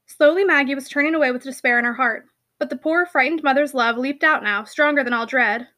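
A woman narrating a classic novel as an audiobook, with a steady, expressive reading. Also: sits high, brisk. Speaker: audiobook reader.

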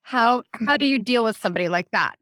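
A woman's voice: on the high side, lively intonation, a little fast, a bit bright, dry recording, studio quality. A woman co-hosting a health talk show, chatting casually and telling stories with easy laughs. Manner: chatty storyteller, laughs easily. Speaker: podcast co-host. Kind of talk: casual conversational chat.

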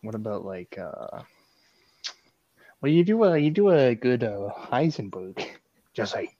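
A man's voice: mid-range voice, sing-song, measured pace, no room sound. Teasing male co-host on a dull mic. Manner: incredulous, swearing, teasing. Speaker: podcast co-host. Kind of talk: casual chat.

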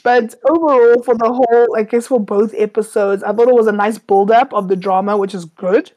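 Brief: woman co-host, casual reality TV recap, slangy and emphatic, slightly high voice. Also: steady tone, brisk, a little mellow. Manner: slangy, emphatic, repeats phrases for effect. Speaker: podcast co-host.

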